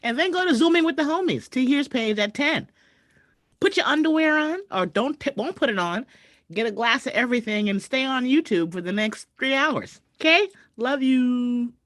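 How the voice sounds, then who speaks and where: A woman hosting a casual livestream from home, chatting and shouting out viewers over a video call mic. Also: sits high, animated, normal speed, no room sound, studio quality. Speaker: host. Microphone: computer mic on a video call.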